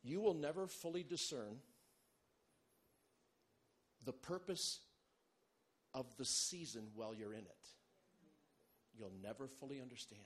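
A male pastor preaching a sermon, animated and humorous, moving between loud bursts and quiet, low asides. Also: moderate pace, pauses often, breathy edge. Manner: animated, humorous preaching with big swings in loudness.

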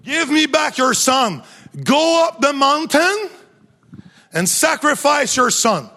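A preacher speaking as God, issuing plain, firm orders in a bright, high voice. The delivery stays close to his own preaching tone, unhurried. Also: very animated, full character voice. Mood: commanding. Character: God commanding, calm, authoritative male voice.

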